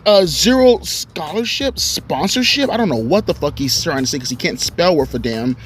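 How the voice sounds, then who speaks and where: A man's voice: mid-range voice, expressive, fast talker, slight background noise. A young man ranting angrily and profanely about online commentators, recorded outdoors on his cell phone. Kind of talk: angry rant vlog.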